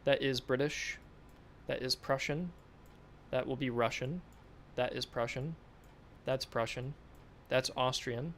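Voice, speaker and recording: Male game dev, casual offhand streamer, average pitch, faint noise. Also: steady tone, slow, fairly bright tone. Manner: mumbled, offhand, repeating short approvals. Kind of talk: casual livestream feedback.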